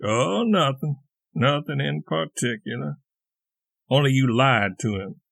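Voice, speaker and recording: A man's voice: medium pitch, expressive, a little slow, gravelly, fairly bright tone, heavily acted. A man doing a sneering drawling dwarf. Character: small sneering moldy male dwarf, contemptuous, drawling.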